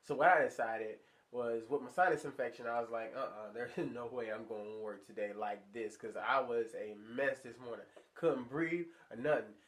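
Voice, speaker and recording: A young man telling a story to his viewers in a casual, slangy, animated way, sounding stuffy from a sinus infection. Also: moderate pace, few pauses. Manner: animated, slangy, acts out high squeaky voices in quotes. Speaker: vlogger.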